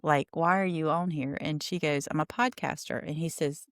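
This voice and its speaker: A woman chatting through a casual recap of a TV show, animated and acting out the people she quotes. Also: deep voice, dry recording, clean studio sound. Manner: chatty, animated, quick laughs, acts out quotes.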